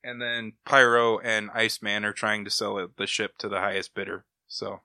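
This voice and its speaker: A man's voice: fairly low pitch, flat delivery, normal speed, gravelly, pushed and bright, no echo. A man hosting a comic book podcast, casually retelling plots in a rambling, enthusiastic way. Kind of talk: casual chat, recapping comics.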